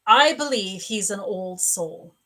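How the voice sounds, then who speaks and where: Woman doing a live psychic reading from home, takes her time, lots of ums, soft and sympathetic. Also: mid-range voice, lively intonation. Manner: slow, halting, with many pauses and fillers; gently sympathetic. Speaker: spiritual coach and psychic medium. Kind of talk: live psychic reading answering viewers' questions.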